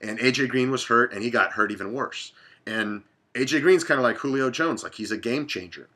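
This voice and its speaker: A man in his thirties hosting his own sports betting show, talking off the cuff. He sounds blunt and profane, and his voice has a sharp, bright edge as he rambles from game to game. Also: mid-range voice, brisk. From Dallas, Texas. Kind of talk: casual sports talk monologue.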